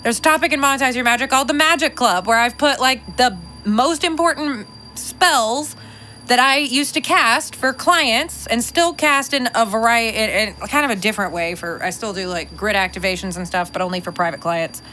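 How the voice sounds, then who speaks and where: A woman's voice: a little high, normal speed, bright, forceful tone, a little hiss or hum, rough recording. A woman in her thirties hosting a podcast from home, talking casually in a chatty, profane, filler-heavy way. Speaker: podcast host. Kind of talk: casual monologue.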